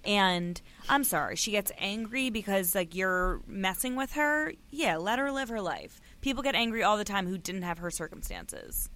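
A woman's voice: mid-range voice, lively intonation, moderate pace, hardly any pauses, a bit bright. A woman co-hosting a casual book club podcast, blunt and emphatic, with some swearing. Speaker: podcast co-host.

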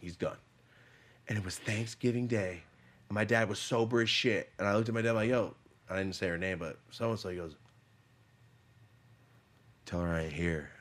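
A man with a lowish voice hosts a podcast in loose, casual chat. He swears freely and tells his stories bluntly, sliding from quiet grumbles into loud, animated bursts when he plays out what others said. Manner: profane, blunt storytelling that acts out quoted voices; swings between low mutters and loud bursts. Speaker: podcast host.

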